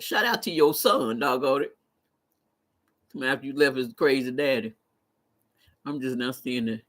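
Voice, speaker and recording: On a casual live stream, a woman with a rumbling low voice speaks slowly and pauses often. She's an animated storyteller who laughs a lot and talks back to the people in her chat.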